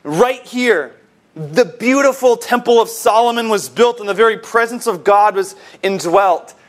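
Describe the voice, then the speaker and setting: A male pastor preaching a sermon, telling a scene vividly and swinging between hushed, slow lines and emphatic, rising ones. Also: high-pitched.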